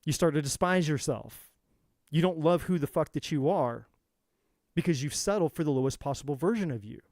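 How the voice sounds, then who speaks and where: A man's voice: fairly high pitch, brisk, a little mellow, no room sound, clean studio sound. A man giving an intense, profane motivational monologue as a tarot reader, hammering his points with repetition.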